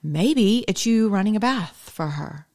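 A woman's voice: medium pitch, expressive, unhurried, darkish tone. A woman giving a rambling, chatty faith talk, laughing often. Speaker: faith vlogger.

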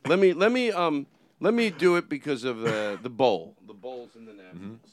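A man's voice: medium pitch, moderate pace, crowd noise. A man hosting a comedy podcast, rambling and interrupting himself as he talks.

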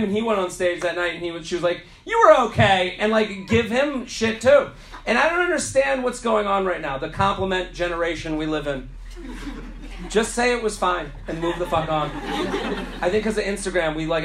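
A man hosting a comedy podcast live on a club stage, telling a story in an animated, joking way with plenty of swearing. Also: high voice. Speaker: podcast host. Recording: echoey club with audience noise.

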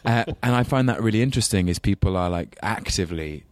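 Deep-voiced Englishman musing in an interview. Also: lively intonation, quick pace, no room sound. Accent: English, London. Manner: thoughtful, rambling, self-deprecating, laughs often. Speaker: actor guest. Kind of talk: casual interview chat.

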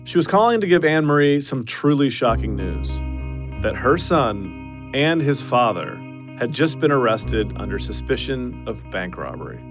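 A man narrating a true-crime podcast story in a measured, scripted way with dry understatement. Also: medium pitch, sing-song, music in the background.

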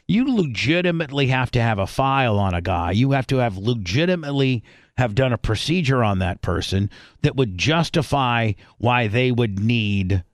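A man talks on a radio show in a rambling, profane way, stopping and restarting his sentences again and again. His voice has a middle pitch. He is recorded close up, with a dry sound. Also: dry recording. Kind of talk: casual crude chat.

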